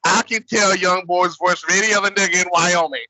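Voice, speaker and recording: A man co-hosting a podcast, cracking crude jokes in loud casual chat. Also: high voice, fairly even intonation, a little fast, poor audio. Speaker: podcast co-host.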